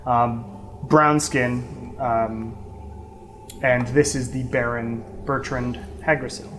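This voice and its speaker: A woman narrating as game master of a tabletop game, pausing often with ums as she describes scenes. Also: a bass voice, fairly even intonation, slight background noise. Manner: hesitant, many ums.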